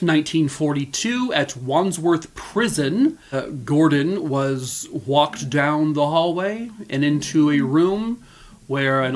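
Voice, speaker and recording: An American man hosting a true crime video, telling cases in a casual, rambling way with many fillers. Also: a little high. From United States. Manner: rambling, lots of fillers and restarts.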